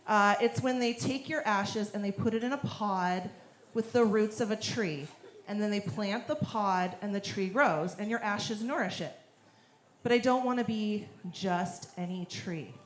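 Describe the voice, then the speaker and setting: A woman in her thirties doing a stand-up comedy set on a club stage, with a deadpan, bawdy delivery. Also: mid-range voice, measured pace. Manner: deadpan, bawdy punchlines, laughs at own jokes. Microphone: handheld stage mic. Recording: echoey club with crowd noise. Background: audience laughter.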